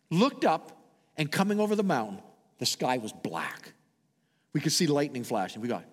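A Canadian man preaching a sermon and telling stories, swinging dramatically between loud and hushed delivery. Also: mid-range voice, lively intonation, moderate pace, pauses often, in a large hall. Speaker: pastor. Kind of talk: sermon with storytelling.

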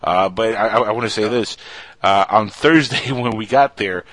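A man appearing as a guest on a podcast, telling animated stories in casual chat. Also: fairly low pitch, normal speed, no echo. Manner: animated storyteller; acts out other people's voices when quoting them. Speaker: guest, radio show co-host.

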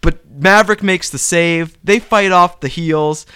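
A man co-hosting a casual chat show, recapping wrestling and acting out the wrestlers' lines in quick voices. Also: sits high, bright, forceful tone, smooth. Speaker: podcast co-host.

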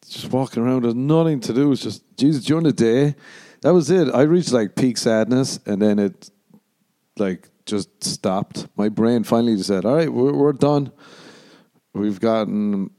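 Irish man with a low, mellow voice. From Ireland. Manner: profane, meandering storytelling with quick mock voices. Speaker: podcast host and stand-up comedian. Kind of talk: casual rambling solo podcast monologue.

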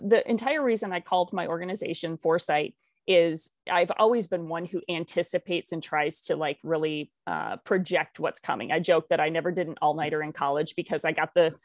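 A woman's voice: fairly low pitch, moderate pace, darkish tone, no room sound, clean studio sound. A young adult woman, founder of an organization, talking in an interview in a reflective, candid, self-deprecating way. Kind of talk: conversational interview.

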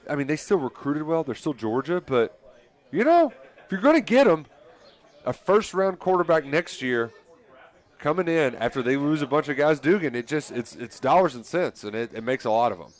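A man co-hosting a casual sports radio show, talking in a chatty, excitable way. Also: on the high side, moderate pace. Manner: chatty, excitable, laughs easily.

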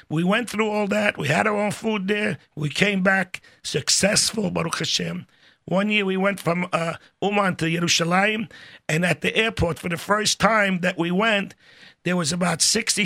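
An older man telling stories in a casual, animated way, acting out the voices of people in them. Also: sits high, creaky. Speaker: storyteller guest. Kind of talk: casual spoken storytelling.

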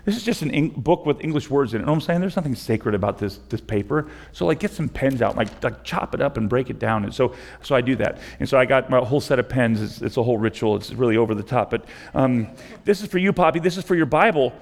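A man's voice: medium pitch, fast talker, gravelly, hardly any pauses, a little mellow. A middle-aged man preaching a sermon as pastor, conversational and repetitive, building to impassioned pleas. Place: church sanctuary. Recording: long hall reverb.

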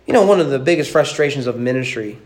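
A man's voice: mid-range voice, expressive, fast talker. A man preaching a sermon as pastor, emphatic, with repeated phrases and rhetorical questions.

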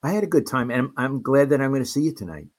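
A man's voice: mid-range voice, lively intonation, very fast, darkish tone. Easygoing older man chiming in. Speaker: co-host, host's father. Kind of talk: casual sports chat.

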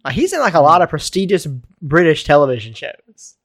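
A man's voice: a little high, big pitch swings, brisk. A young man from Baltimore co-hosting a podcast, rambling and laughing often in casual chat. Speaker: podcast co-host.

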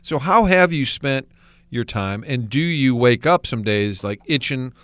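A man hosting a podcast in a casual conversation, an animated storyteller who acts out the voices in his anecdotes. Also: mid-range voice, measured pace, clean tone, no echo. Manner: animated storyteller acting out quotes. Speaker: podcast host.

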